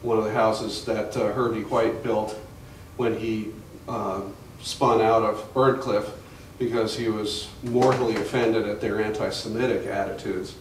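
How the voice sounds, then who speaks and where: An older man with a lowish, steady, unhurried voice rambles through family anecdotes as a guest speaker at a museum talk, restarting sentences and leaning on fillers. He's captured from the audience in the gallery by a distant camera mic, so the room sounds echoey and far off with faint hiss.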